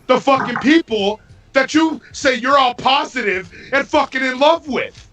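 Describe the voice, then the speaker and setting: A man in a heated podcast debate over a voice call, swearing constantly and often shouting as he repeats his points. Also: very high-pitched, animated, measured pace. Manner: profane, combative, repeats himself, often shouting. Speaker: debate participant.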